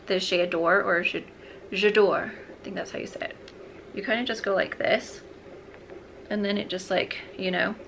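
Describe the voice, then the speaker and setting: A woman's voice: mid-range voice, sharp tone, slight background noise. A young woman vlogging as she gets ready, chatting in a bubbly, rambling way and talking to herself as she goes. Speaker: beauty vlogger. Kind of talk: chatty get-ready-with-me vlog.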